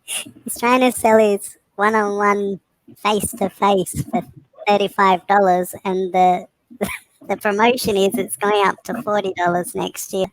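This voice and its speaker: A woman's voice: medium pitch, flat delivery, a little slow, no echo, low-quality recording. A woman co-hosting a casual chat, direct and teasing. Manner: direct, teasing, laughs easily.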